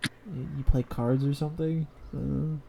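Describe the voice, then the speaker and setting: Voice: mid-range voice, steady tone, a little slow, gravelly, background noise. A game master running a casual tabletop game with friends, joking and swearing freely.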